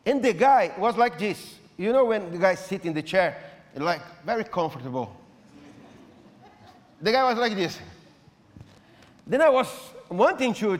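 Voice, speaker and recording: A man preaches as a pastor in a fairly high voice, his full of restarts. He swings between loud, pressing lines and hushed ones. The sound carries a long reverb, as in a large hall. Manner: non-native English with repeated restarts, swinging between loud and soft. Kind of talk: sermon.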